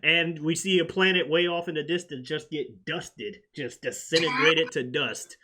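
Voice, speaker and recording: A man's voice: on the high side, steady tone, normal speed, pushed and bright. A man hosting a casual recap chat, laughing often and swearing freely as he retells episodes. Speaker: podcast host.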